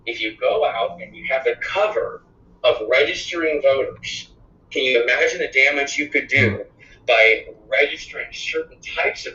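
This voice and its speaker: A man talking as a podcast guest, telling a story in a conversational, animated way with exclamations. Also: medium pitch. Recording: echoey room, dull lo-fi sound.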